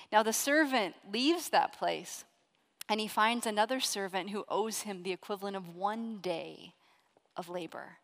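A woman preacher giving a sermon, telling a story earnestly, swinging between loud emphasis and quiet asides. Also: a little high, lively intonation, measured pace, in a large hall.

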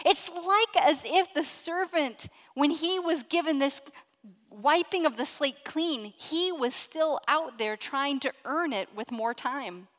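A woman preacher delivers a sermon with earnest storytelling, moving from loud emphasis to hushed asides. Her voice sits high. It rings with the long reverb of a large hall. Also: expressive, slow pace. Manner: earnest storytelling, swings between loud stress and quiet asides.

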